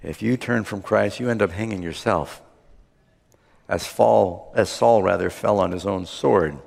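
A man preaching a sermon, retelling a Bible story and acting out the characters' lines with lively swings in pitch. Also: a little slow, gravelly. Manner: acts out the characters' lines with rising animated pitch. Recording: long hall reverb.

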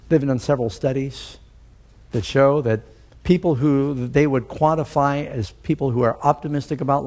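A male pastor delivering a sermon in an animated preaching manner that rises to emphatic peaks. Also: mid-range voice.

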